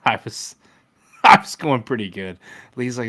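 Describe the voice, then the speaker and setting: A man in his thirties co-hosting a casual sports podcast, chatty and joking, with animated retellings. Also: medium pitch, fairly quick. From Ohio. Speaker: podcast co-host.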